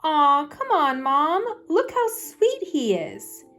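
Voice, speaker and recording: A woman voicing an excited young girl bear, sweet and pleading, in a storybook read-aloud with faint music behind. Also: takes it slowly, heavily acted. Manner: high, eager and pleading.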